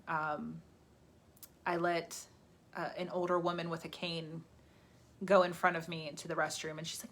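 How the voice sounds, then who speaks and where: A woman's voice: on the low side, vocal fry, fairly bright tone. A woman hosting a live stream, giving a casual motivational talk in a chatty, rambling way and laughing at herself. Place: indoors, livestream. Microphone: phone or webcam on a live stream.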